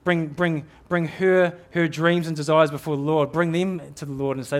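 Earnest middle-aged New Zealand preacher, slightly high male voice, exhorting sermon delivery. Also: fairly even intonation, normal speed, hardly any pauses. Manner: earnest, exhorting, repeats words as he builds.

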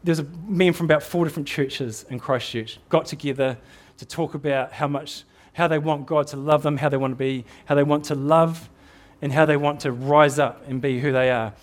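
A man's voice: fairly high pitch, steady tone, normal speed, hardly any pauses. A middle-aged man with a New Zealand accent preaching a sermon in an earnest, exhorting way, often repeating words as he builds a point.

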